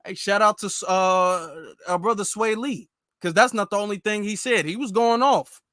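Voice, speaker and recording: A man's voice: high voice, moderate pace, fairly bright tone, dry recording, studio quality. A man hosting a political commentary show, reacting emphatically to posts and clips and repeating his points straight to the viewers. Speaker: commentary channel host.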